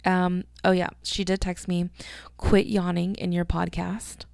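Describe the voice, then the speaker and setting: Woman podcaster rambling on, cusses a lot, lots of vocal fry, dry close mic. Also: on the low side, little pitch movement, unhurried, darkish tone, no room sound. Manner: rambling, chatty, swears freely. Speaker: podcast host. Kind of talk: casual solo podcast chat.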